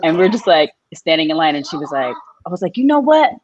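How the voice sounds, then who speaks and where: A woman telling a personal story on a live podcast, animated, her voice jumping up high when she quotes people. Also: fast talker, highs cut off. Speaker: guest.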